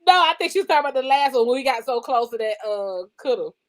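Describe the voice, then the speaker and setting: A woman's voice: sits high, animated, fast, low-quality recording. A woman chatting casually as a guest, playful and laughing often. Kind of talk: casual chat.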